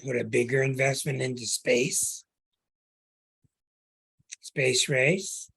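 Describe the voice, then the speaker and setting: Slow, husky-voiced astrologer man. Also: medium pitch, fairly even intonation, fairly bright tone. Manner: earnest, preaching, stretches words for emphasis. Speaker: astrologer and show host. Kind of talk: podcast monologue.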